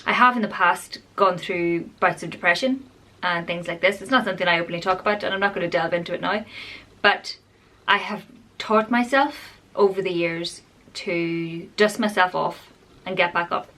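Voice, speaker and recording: A woman's voice: lowish voice, moderate pace, pushed and bright. A woman talking openly in a personal vlog, rambling and confessional in a chatty way. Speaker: vlogger.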